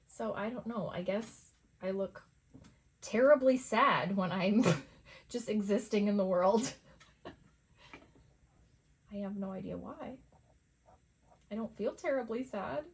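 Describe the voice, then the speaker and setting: A woman's voice: mid-range voice, takes it slowly, long pauses, slight background noise. A middle-aged woman at home, chatting casually and rambling while she paints, laughing often. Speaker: art vlogger. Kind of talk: casual chat over painting.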